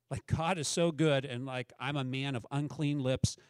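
A man's voice: medium pitch, level tone, moderate pace, few pauses, dry recording. A middle-aged man preaching a sermon as a pastor, talking in a conversational way and asking the congregation questions.

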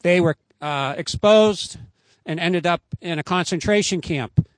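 High, earnest male preacher. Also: unhurried, no echo. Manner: earnest, emphatic storytelling. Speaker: pastor. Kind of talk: sermon. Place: outdoors.

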